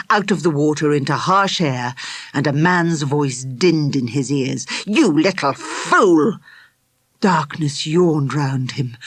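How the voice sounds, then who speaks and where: A male narrator reads a tense chapter with vivid, dramatic storytelling. His voice sits a bit high for a man, recorded close to the mic in a dry studio with no room sound. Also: no room sound. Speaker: audiobook narrator. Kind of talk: scripted narration.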